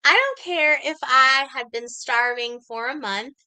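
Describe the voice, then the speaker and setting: A woman telling a story on a live stream, animated and laughing, greeting viewers as she goes. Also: high-pitched, slow, clear, resonant tone, poor audio. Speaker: livestreamer and mystery shopper. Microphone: computer or phone mic.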